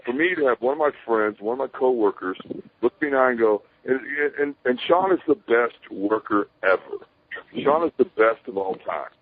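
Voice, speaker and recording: Animated man on a tinny phone line. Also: mid-range voice, normal speed, no echo. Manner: animated, swears casually, acts out quoted voices. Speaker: interview guest. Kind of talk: rambling storytelling.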